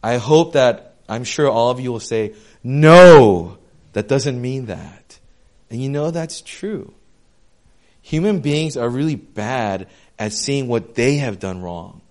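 A young man preaching a sermon in a conversational, animated way, full of casual slang and asides. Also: medium pitch, a little slow. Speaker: pastor.

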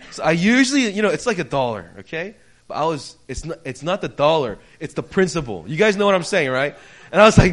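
A young man preaching to a congregation, slightly higher-pitched than most men. He tells a personal story casually, full of fillers, dropping low and then rising to loud outbursts. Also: quick pace. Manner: animated storytelling, swings from quiet to loud; conversational, many fillers.

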